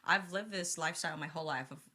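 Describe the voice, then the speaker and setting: A woman co-hosting a podcast, telling stories in a casual, animated way and rambling with frequent restarts. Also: fairly low pitch, fast. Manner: animated, acts out quoted voices in her stories. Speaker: podcast co-host. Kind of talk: casual storytelling chat.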